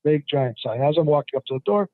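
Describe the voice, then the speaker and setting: A man's voice: animated, fast talker, no echo. A man, a guest appraiser, telling stories in a casual interview, rambling with many fillers and restarts. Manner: acts out the people in his stories in a higher voice. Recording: dry, tinny phone line.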